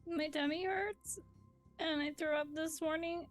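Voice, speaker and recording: A woman's voice: sits high, steady tone, unhurried, faint music behind. A woman voicing a sick twelve-year-old girl who speaks bluntly and matter-of-factly. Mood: plain, childlike.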